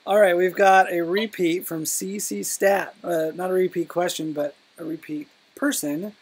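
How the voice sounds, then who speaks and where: Husky-voiced man reading out questions. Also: high-pitched, steady tone, normal speed. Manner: hesitant, thinks aloud with many ums. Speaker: co-host answering viewer questions. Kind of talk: casual live Q&A chat.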